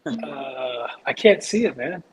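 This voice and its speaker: A man's voice: medium pitch, animated, slow pace, low-quality recording. A man chatting on a livestream as a guest, easygoing and joking. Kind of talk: casual livestream chat. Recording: crowd noise behind.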